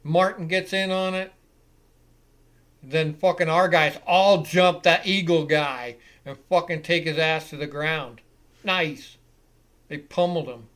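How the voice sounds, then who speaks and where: A man hosting a live football reaction show, giving excitable, profane play-by-play commentary. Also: fairly high pitch, a little slow. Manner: excitable and profane, swears freely.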